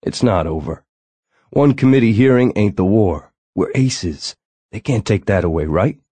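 A man's voice: fairly low pitch, expressive, moderate pace, warm tone, husky, no echo. A man voicing a weary but defiant man who takes his losses wryly. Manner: wry, resigned, then defiant.

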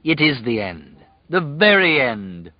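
A man's voice: mid-range voice, sing-song, slow, no room sound, lo-fi sound, pitched above the performer's own voice. A man voicing a gleeful, taunting male henchman who mocks prisoners, in an audiobook reading. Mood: gleeful mocking. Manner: mocking, taunting, shouting. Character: gleeful menacing male henchman, later frightened.

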